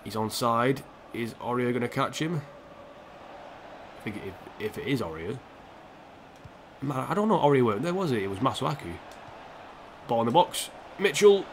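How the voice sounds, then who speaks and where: Man, casual game stream, chatty and self-mocking, middle pitch, faint background noise. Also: animated, normal speed, long pauses. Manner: chatty, self-mocking, reacts to the match and answers chat. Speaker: streamer playing a football career mode. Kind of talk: casual live-stream commentary.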